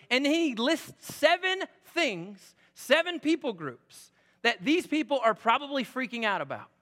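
A man in his forties preaching a sermon as a pastor, conversational and animated, rising to loud emphasis. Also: high-pitched, unhurried. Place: church sanctuary. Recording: echoey church hall.

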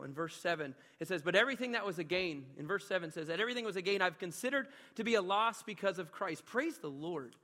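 Bright, high-voiced preaching man in a reverberant hall. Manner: passionate preaching that swings from hushed asides to loud emphatic peaks; conversational, with frequent filler asides. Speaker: pastor. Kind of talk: sermon. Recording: long reverb of a large hall.

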